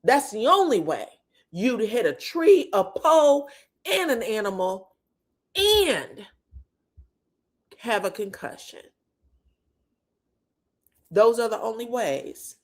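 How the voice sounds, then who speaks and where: Animated woman recapping reality TV gossip. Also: on the high side, slow pace, long pauses. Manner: animated storytelling, acting out cast members' lines; laughs often, swears freely.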